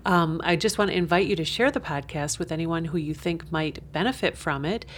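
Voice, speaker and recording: A woman's voice: low-pitched, a little fast, slight background noise. A woman hosting a podcast interview, encouraging her guest and wrapping up the episode. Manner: encouraging, lots of short backchannels. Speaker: podcast host. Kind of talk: casual interview.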